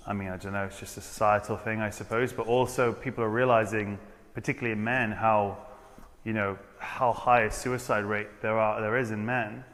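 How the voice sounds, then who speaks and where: A man's voice: fairly low pitch, steady tone, brisk, fairly bright tone, big-room sound. A man in a casual podcast conversation, earnest and rambling, often restarting his sentences.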